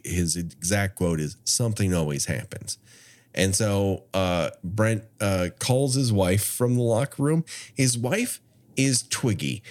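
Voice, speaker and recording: A man co-hosting a podcast, casually recapping a horror film with frequent laughs. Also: deep voice. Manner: animated, laughs often, plot-summarizing. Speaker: podcast co-host. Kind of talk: casual movie recap chat.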